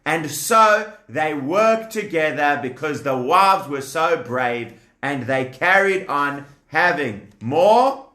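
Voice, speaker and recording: Slow, animated man telling kids' stories. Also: on the high side. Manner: animated, asks the children questions. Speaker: children's storyteller. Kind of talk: children's story narration. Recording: echoey room.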